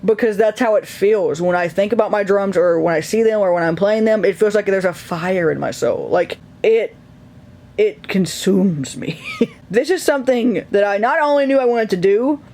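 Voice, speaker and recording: A young man with a high speaking voice talks casually to his viewers from his bed. He rambles openly and laughs often between thoughts. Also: normal speed, a little mellow. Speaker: video creator. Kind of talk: casual vlog chat. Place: his bedroom, lying in bed.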